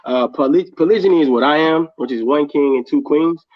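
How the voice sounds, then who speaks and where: A man's voice: fairly high pitch, fairly quick, highs cut off. A man calling into a podcast as a guest, laid-back and blunt, apologizing for his spot. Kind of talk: casual chat.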